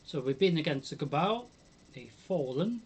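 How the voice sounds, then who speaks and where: A man's voice: fairly high pitch, very animated, moderate pace, husky. A British man commentating his own game on a live stream, musing aloud with many hums and ums.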